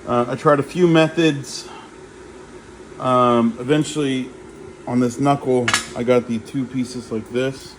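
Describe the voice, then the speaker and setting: A man's voice: mid-range voice, fairly even intonation, unhurried, noisy background. A man casually narrating his own repair work in a home garage, thinking aloud as he goes with plenty of fillers. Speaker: DIY vehicle repair vlogger. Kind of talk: casual how-to narration while working.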